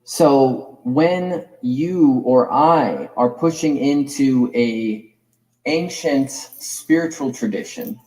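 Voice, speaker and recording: A man's voice: medium pitch, extremely slow, warm tone, low-quality recording. A man giving a reflective, digressive lecture as a course teacher, musing over the roots of words.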